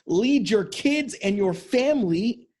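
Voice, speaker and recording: A man's voice: sits high, animated, slow, a little mellow. A male relationship coach giving a blunt, profane motivational talk to men, hammering his points with repetition.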